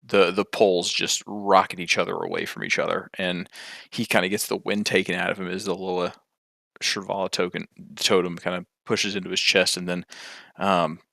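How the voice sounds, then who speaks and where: A man's voice: sits low, flat delivery, normal speed, gravelly, pushed and bright, no echo, clean studio sound. A man narrating a tabletop game as game master, hesitant and full of ums.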